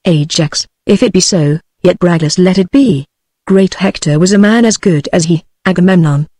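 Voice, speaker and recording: A text-to-speech voice of a British woman reading a play aloud, announcing the speaker names and stage directions in the same even tone. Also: fairly low pitch, no room sound. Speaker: audiobook reader.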